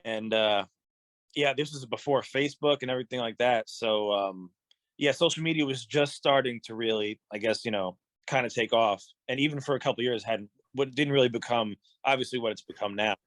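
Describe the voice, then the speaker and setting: Relaxed man telling rambling stories, dry sound. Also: mid-range voice, a little fast, dry recording. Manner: rambling, relaxed, many fillers and restarts. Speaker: guest musician. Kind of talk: casual storytelling in an interview.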